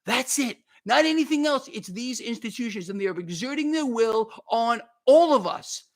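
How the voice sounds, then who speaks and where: Animated and very high-voiced, a market commentary livestream host talks at a moderate pace. He's worked up and sweating, ranting in a heated way, going over the same points again, and calling out viewers by name to thank them.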